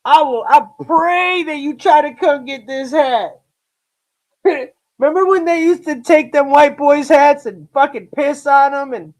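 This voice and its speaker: With a very high voice and a darkish tone, a man from Lakewood, Ohio, US, hosts a live reaction stream. He's blunt and casual, cursing, boasting, leaning on "bro" and "dude," and saying things more than once. He drags his words out slowly, restarting and repeating often.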